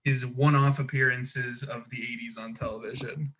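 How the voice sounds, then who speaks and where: A man's voice: medium pitch, flat delivery, normal speed, a bit bright, slightly rough. A man co-hosting a podcast in a casual, joking chat, with frequent fillers and restarts. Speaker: podcast co-host.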